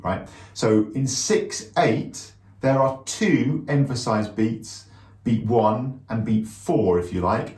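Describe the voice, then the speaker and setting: A man teaching drums in a casual lesson, chatty, who slows right down to count rhythms out loud. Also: mid-range voice, echoey room. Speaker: drum teacher. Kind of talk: casual music lesson to camera.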